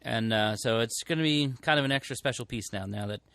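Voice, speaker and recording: A man's voice: medium pitch, fairly quick, creaky, a bit bright, smooth, dry recording. Casual chatty man on a podcast. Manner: rambling, self-correcting, many fillers. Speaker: podcast co-host. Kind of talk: casual chat. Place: record store.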